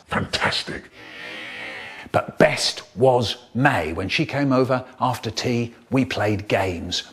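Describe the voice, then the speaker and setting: A man telling stories in an animated, theatrical way, cut together for comic effect. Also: mid-range voice, a little hiss or hum. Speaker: storyteller. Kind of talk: spliced comic storytelling for children.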